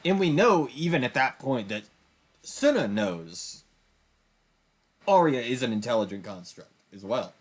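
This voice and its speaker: A man's voice: medium pitch, big pitch swings, a little slow, long pauses. A young man streaming a game, giving a rambling, emphatic commentary with frequent restarts. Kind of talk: casual gameplay commentary.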